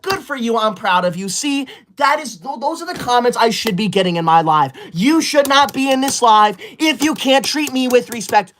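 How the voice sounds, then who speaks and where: A man's voice: extremely high pitch, expressive, moderate pace, few pauses, fairly bright tone, a little hiss or hum. A man in his twenties playing a pompous, bossy young male livestreamer who scolds his chat while reading super chats, as a comedy character. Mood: indignant. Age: 20s.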